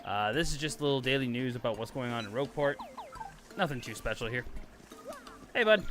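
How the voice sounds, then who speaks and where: A man's voice: medium pitch, lively intonation, brisk, long pauses, fairly bright tone, soft background music. A man streaming a game, giving casual gameplay commentary in a chatty, rambling way and talking to his chat.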